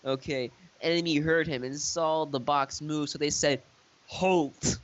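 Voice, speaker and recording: A man's voice: a little high, steady tone, normal speed, highs cut off, a crowd in the background. A young man reading a silly fanfiction aloud for laughs, stumbling over misspellings and cracking up as he goes. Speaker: reader of a fanfiction. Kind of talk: comedic dramatic reading.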